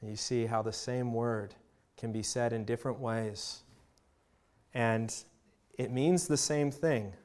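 A man's voice: mid-range voice, a little mellow. Earnest male pastor preaching a sermon. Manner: earnest, varying volume, emphatic pauses.

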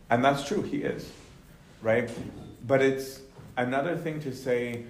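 A man leading a casual Bible study, talking loosely with lots of "right?" and "um", then slowing down to read verses aloud. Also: medium pitch. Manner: conversational, many fillers and tag questions, slows to read scripture. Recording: echoey room with faint noise.

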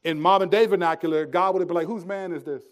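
A middle-aged man delivers a sermon in a voice pitched a little high for a man. He moves between relaxed storytelling, soft hushed scripture lines and emphatic, rising questions. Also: fast talker. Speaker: pastor.

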